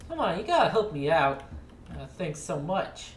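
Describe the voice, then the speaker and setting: A woman's voice: deep voice, big pitch swings, moderate pace. A woman talking casually and wryly as she plays through a story game. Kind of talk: casual let's-play commentary. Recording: echoey room with faint noise.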